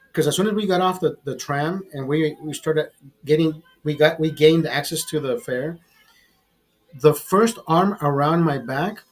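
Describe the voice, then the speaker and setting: A middle-aged man telling rambling, profanity-laced stories in a casual vlog, pausing and restarting as he talks. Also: a little high, husky, rough recording. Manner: profane, rambling, animated storyteller. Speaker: vlogger. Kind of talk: casual storytelling over a beer.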